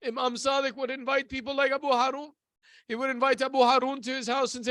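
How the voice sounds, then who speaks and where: Brief: male preacher, very high voice, dry close sound, solemn sermon storytelling. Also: flat delivery, a bit bright, no room sound. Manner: solemn storytelling, slows on key words. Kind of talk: mourning sermon. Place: community center hall.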